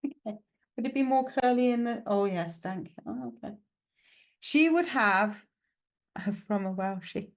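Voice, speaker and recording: Woman psychic medium, chatty and reassuring, self-mocking, higher-pitched voice. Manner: chatty, reassuring, full of "okay" and "right" fillers; self-mocking, laughs at herself. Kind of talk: live mediumship reading, chatty.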